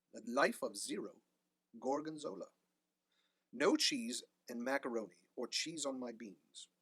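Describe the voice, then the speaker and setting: A man's voice: mid-range voice, fairly bright tone, husky, dry recording, exaggerated voice. A man voicing an old man who solemnly swears to give up cheese. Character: cheese-loving old man, giving up his cheese.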